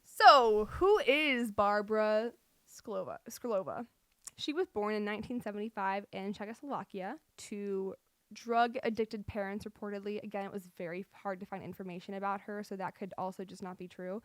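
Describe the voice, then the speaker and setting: A woman's voice: medium pitch, steady tone, brisk, no echo. A young adult woman hosting a podcast, telling a true-crime story with nervous laughs and apologetic asides. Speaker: podcast host.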